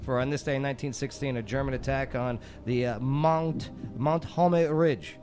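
A man's voice: mid-range voice, steady tone, moderate pace, a little mellow, faint music behind. A man hosting a radio show, playfully setting up pun riddles for his co-hosts. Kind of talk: joking trivia banter.

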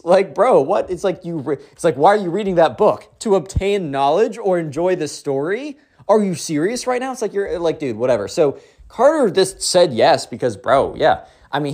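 A young man telling a story in a casual, slangy, excitable way. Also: on the high side. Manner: slangy, excitable, lots of 'bro' and 'like'.

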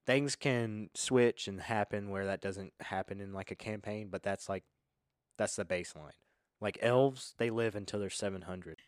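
Young man, low voice, relaxed game-master explainer, dry mic. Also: moderate pace, no room sound. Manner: relaxed, filler-heavy explaining. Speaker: podcast host and game master. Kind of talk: casual explanatory chat.

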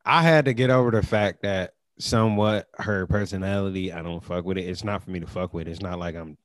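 A man's voice: deep voice, fairly quick, dry recording, studio quality. A man co-hosting a podcast, joking in casual, profane chat. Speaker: podcast co-host.

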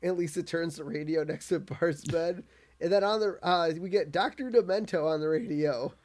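A man's voice: fairly high pitch, moderate pace. A man co-hosting a podcast, recapping a cartoon episode in casual chat and acting out quotes. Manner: animated, acts out quotes in put-on voices. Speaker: podcast co-host.

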